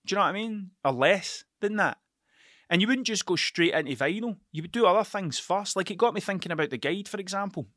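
A Scottish man hosting a solo podcast, rambling and swearing freely as he thinks out loud. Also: sits high, fast, no room sound, studio quality. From Scotland. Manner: rambling, sweary, self-interrupting. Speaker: podcast host. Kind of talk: casual solo podcast monologue.

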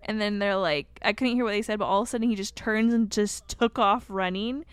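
A woman's voice: medium pitch, brisk, clear, resonant tone, no room sound. A young woman co-hosting a podcast in casual chat, rambling through stories and saying "like" often. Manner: rambling storyteller, heavy use of "like". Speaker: podcast co-host.

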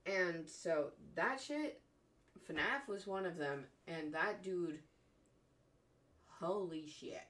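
Swearing, animated young woman chatting. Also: on the low side, takes it slowly, pauses often. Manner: animated, swears constantly, laughs often. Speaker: podcast co-host. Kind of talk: casual chat.

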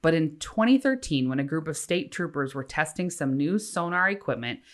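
A woman with a notably low voice co-hosts a casual podcast. She reads out facts in an easy, chatty way and breaks off now and then for wry little asides. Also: expressive, normal speed. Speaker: podcast co-host. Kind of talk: casual chat, reading facts aloud.

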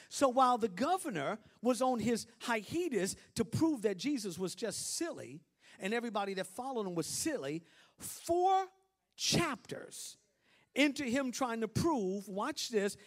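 A bishop preaching with a high, lively voice that swoops widely. He drops to hushed asides, then climbs to shouted peaks, and banters and laughs with his congregation. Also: a little slow. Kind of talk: sermon.

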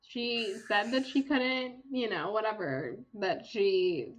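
A woman co-hosting a book podcast, gushing through an excited, quick recap of a favorite novel's scene. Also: medium pitch, rough recording.

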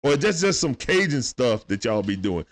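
Lively slangy man streaming play-by-play. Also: mid-range voice, moderate pace. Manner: lively, slangy, greets viewers by name. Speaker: live stream commentator. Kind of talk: casual play-by-play watch-along stream. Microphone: phone.

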